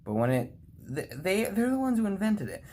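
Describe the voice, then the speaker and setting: An American man from the United States chats casually and rambles while servicing a model train, often laughing at his own remarks. His voice sits high with wildly swooping pitch, a dark tone, and a normal speed.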